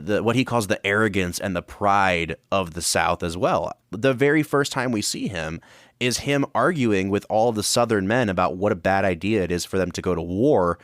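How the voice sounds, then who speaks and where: A man with a lowish voice, speaking at normal speed, co-hosts a film podcast and works through his analysis thoughtfully and casually. He builds arguments as he goes, and the studio-quality audio has no room sound.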